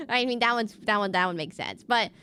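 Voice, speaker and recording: A woman's voice: mid-range voice, animated, moderate pace, bright, forceful tone, slight background noise. A young woman streaming live, chatting casually and rambling with many restarts. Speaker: VTuber streamer.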